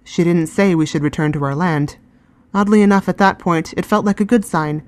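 A woman giving calm, scripted first-person narration of a fantasy story. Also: lowish voice, brisk.

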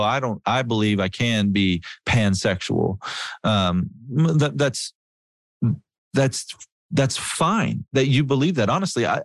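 Middle-aged guy preaching, earnest and chatty, repeats words to drive it home, kinda low voice, dry sound. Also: no echo. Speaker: Christian speaker. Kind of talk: conversational preaching with storytelling.

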